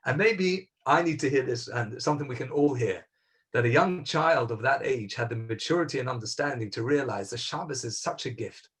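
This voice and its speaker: A man's voice: medium pitch, brisk, a bit bright. A man serving as rabbi, telling a story sermon-style over a video call, earnest and emphatic, repeating key words and acting out quoted dialogue.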